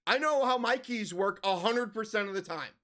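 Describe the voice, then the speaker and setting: A man's voice: sits high, expressive, normal speed, fairly bright tone. A man giving comedic reaction commentary, ranting in exasperation and swearing heavily. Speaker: reaction video host.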